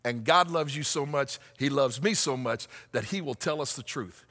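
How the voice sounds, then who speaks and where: A man preaching a sermon as pastor, asking the congregation questions and rising to shouts. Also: medium pitch, normal speed, in a large hall.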